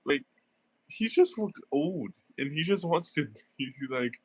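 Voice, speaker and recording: A man's voice: on the high side, expressive, takes it slowly, husky, no echo. A young man with a stuffy nose, rambling through casual gameplay commentary with lots of fillers and giggles. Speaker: gaming streamer.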